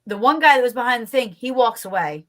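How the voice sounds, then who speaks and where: A woman's voice: a little high, expressive, fast, a bit bright. A woman co-hosting a casual chat show, telling a story bluntly and animatedly with plenty of swearing. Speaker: podcast co-host.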